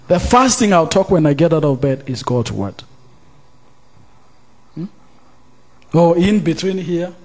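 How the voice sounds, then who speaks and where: A male pastor with a husky, somewhat high voice preaches to his congregation. He reads scripture aloud, slows down to stretch out key phrases and suddenly surges in volume. He asks the listeners questions as he goes. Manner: preaching with sudden loud rises and drawn-out emphasized quotes. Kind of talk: sermon. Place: church service.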